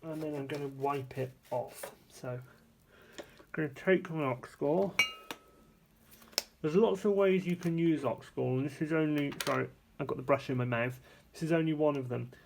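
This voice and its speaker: A man giving a casual, hands-on painting tutorial, chatty and relaxed, thinking aloud and correcting himself as he works at a painting table. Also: mid-range voice, gravelly, a little hiss or hum. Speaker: art supplies reviewer demonstrating paints.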